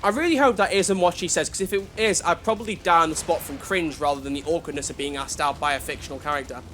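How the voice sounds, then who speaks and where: Here a gamer on a livestream talks quickly in a slightly high, fairly bright voice, with a bit of background noise. He keeps up casual banter with viewers, responds to chat, and pokes fun at himself, while faint music plays.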